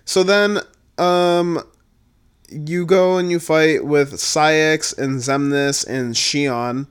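A man giving a casual, profane recap, blunt and exasperated, swinging between low muttering and loud outbursts. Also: fairly even intonation, extremely slow, clean tone. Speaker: video creator reviewing a game.

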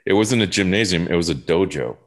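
Deep-voiced guy telling tour stories, swears a lot, voice jumps all over. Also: brisk. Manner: animated, swearing, laughing, acting out voices. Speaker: band member recalling tours. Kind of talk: casual storytelling.

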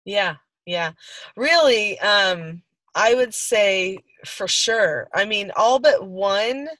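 Woman: pitch medium; foster-mom podcaster, heartfelt and dry-miked. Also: lively intonation, extremely slow, a bit bright, no room sound. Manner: earnest, heartfelt storytelling. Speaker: foster parent and podcast co-host. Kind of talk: casual conversational talk.

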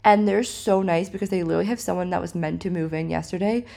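Woman, podcast host, casual storytelling, excitable, filler-heavy, low, gravelly. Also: fast. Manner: excitable, lots of fillers, dramatic retelling. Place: living in Cape Town, South Africa.

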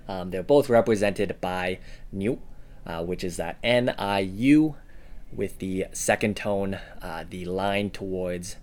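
A man co-hosting a relaxed language lesson, explaining example words with frequent ums and uhs. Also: deep voice, slow pace. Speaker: language teacher co-host. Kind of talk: casual instructional podcast.

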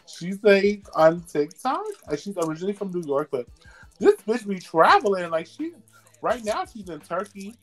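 A woman's voice: mid-range voice, expressive, normal speed, soft background music. A young woman co-hosting a podcast, chatting casually with crude, laughing banter. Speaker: podcast co-host. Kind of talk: casual chat.

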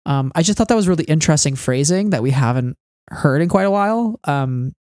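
A woman's voice: sits low, lively intonation, a little fast, darkish tone, no echo, studio quality. A woman co-hosting a casual fan podcast, talking things through thoughtfully with many fillers. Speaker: podcast co-host.

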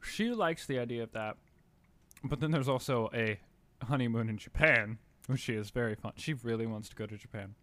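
A man's voice: mid-range voice, fairly quick, fairly bright tone, dry recording. A young man in his twenties co-hosting a podcast, who chats casually with blunt, teasing remarks and swears freely. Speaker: podcast co-host.

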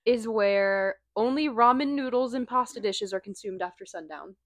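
A woman's voice: mid-range voice, moderate pace. A young woman from Missouri co-hosting a podcast, reading out her notes in a dry, matter-of-fact way. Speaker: podcast co-host. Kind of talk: casual chat.

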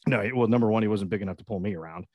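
A man's voice: fairly low pitch, rapid-fire, dry recording, highs cut off. Male podcast co-host, rambling and laid-back, casual swearing, dry close recording. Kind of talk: casual comedic chat.

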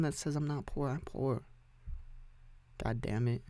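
Young man, solo podcast, rambling and profane, offhand, dry close sound, middle pitch. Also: fairly even intonation, unhurried, warm tone, no room sound. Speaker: podcast host. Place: home music recording setup.

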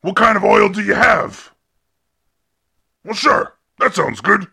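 A man voicing a rude, mean-spirited bully who taunts and insults in a comedy podcast sketch, with a raspy voice. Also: high voice, lively intonation, slow, pushed and bright, pitched below the performer's own voice, exaggerated voice. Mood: pushy.

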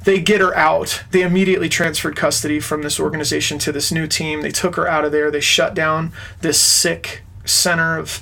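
A man's voice: on the high side, level tone, fairly quick, gravelly, few pauses, bright, forceful tone. A man, an interview guest, earnestly recounting a personal story in conversation. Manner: earnest, retells events with quoted dialogue.

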